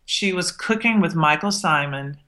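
A middle-aged woman from the South, a guest who tells her stories in an animated way and acts out the exchanges she remembers. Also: deep voice, normal speed. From Southern United States. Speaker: guest, TV chef. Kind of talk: interview storytelling.

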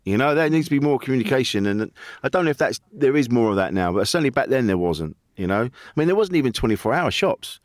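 A man's voice: mid-range voice, big pitch swings, fast talker, few pauses, no room sound, clean studio sound. A man hosting a podcast in casual chat, chatty and swearing freely, with many restarts. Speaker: podcast host.

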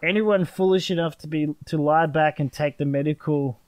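A man co-hosting a casual podcast, reading aloud haltingly, stumbling over words and laughing often. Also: fairly high pitch, fairly even intonation, a little mellow, no echo. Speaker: podcast co-host.

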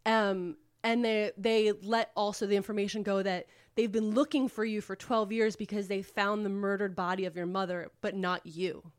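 A woman's voice: medium pitch, fairly even intonation, normal speed, few pauses, clear, resonant tone. A woman co-hosting a podcast, retelling a book plot in a rambling, casual way with lots of filler words and swearing. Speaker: podcast co-host. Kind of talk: casual book recap chat.

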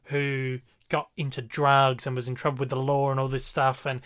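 A man's voice: medium pitch, monotone, moderate pace, fairly bright tone, clear, resonant tone. A man co-hosting a casual film review chat, enthusiastic and rambling, with fillers and restarts.

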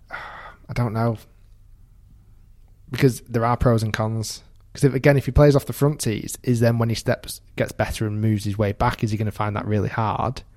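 A man's voice: fairly low pitch, flat delivery, normal speed, darkish tone. A man co-hosting a podcast in casual chat, thinking aloud and often restarting his sentences. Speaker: podcast co-host.

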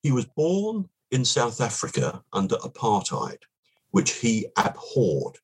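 An older man, a podcast guest, telling long anecdotes in an unhurried, relaxed way with a slightly husky voice. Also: medium pitch, low-quality recording. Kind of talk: relaxed storytelling.

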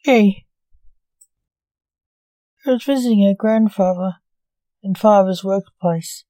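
A woman narrating a sci-fi storybook in a steady, even reading. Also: medium pitch, slow, no room sound.

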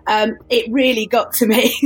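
Laughing woman, slightly husky. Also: on the high side, level tone, a little slow, soft background music, poor audio. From London. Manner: warm-hearted, laughs often. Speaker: podcast panelist. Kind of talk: casual panel chat.

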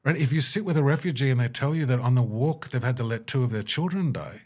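A man's voice: lively intonation, fast, a little mellow. A man being interviewed about his humanitarian work, talking earnestly and acting out bits of dialogue. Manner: earnest, acts out quoted dialogue with rising pitch. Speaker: guest, humanitarian worker. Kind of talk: reflective interview talk.

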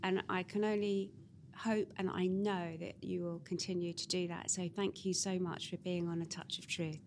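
A woman's voice: lowish voice, flat delivery, normal speed, a little hiss or hum. A woman hosting a podcast, closing an interview with effusive praise for her guest. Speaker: podcast host. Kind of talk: interview wrap-up.

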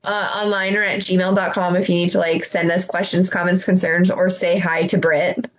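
Young woman, podcast co-host, husky, animated, profane, muffled recording. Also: lowish voice, moderate pace. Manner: animated, swears freely, acts out her own reactions. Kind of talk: casual chat.

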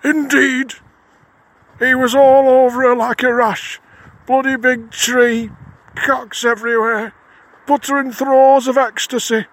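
A man voicing a gruff, blunt middle-aged lodge head with a broad Lancashire accent, matter-of-fact and casually swearing. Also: very high-pitched, level tone, takes it slowly, fairly bright tone, no echo, pitched above the performer's own voice, heavily acted. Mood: deadpan.

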